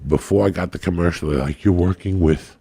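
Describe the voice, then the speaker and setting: A man telling a profane, animated story as a podcast guest, acting out the people in it. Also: deep voice, fairly quick, vocal fry, husky, no room sound. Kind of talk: casual storytelling.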